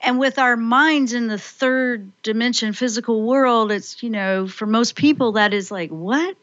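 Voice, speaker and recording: Excitable woman hosting a spiritual call-in show. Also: a little high, unhurried, dry recording, highs cut off. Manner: excitable, rambling, acts out her own inner voice. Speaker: radio call-in show host. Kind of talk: spiritual call-in radio chat.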